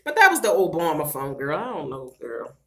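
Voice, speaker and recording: A middle-aged woman chatting on a casual livestream, loud and playful, breaking into laughter and talking straight to her viewers while she does her hair at home. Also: low voice, a little fast. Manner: slangy and animated, talks straight to viewers. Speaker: vlogger doing a livestream.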